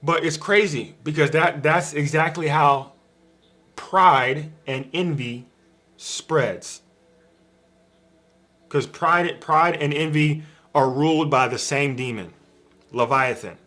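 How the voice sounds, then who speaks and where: A man's voice: on the high side, takes it slowly, long pauses, sharp tone. A man giving an informal spiritual teaching on a live stream from a room at home, repetitive and emphatic, speaking straight to his viewers. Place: home room with a dog bed in the corner.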